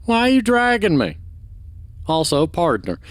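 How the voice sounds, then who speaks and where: A man's voice: high voice, huge pitch swings, a little slow, dry recording. A man commenting casually while playing a video game, offering critique as he goes. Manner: chatty, critiquing, offhand. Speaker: gaming channel host. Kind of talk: let's play commentary.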